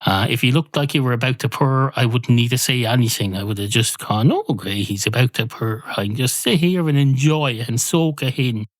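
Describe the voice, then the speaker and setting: A man hosting a podcast alone from a spare room at home, rambling through a deadpan, improvised comic monologue. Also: mid-range voice, brisk, hardly any pauses, dry recording. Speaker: podcast host. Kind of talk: rambling solo comedy monologue.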